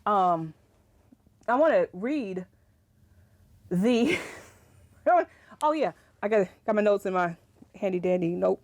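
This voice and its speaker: A young woman chatting casually to camera about writing, animated and ranting, laughing often. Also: medium pitch, slow, pauses often. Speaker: writing vlogger.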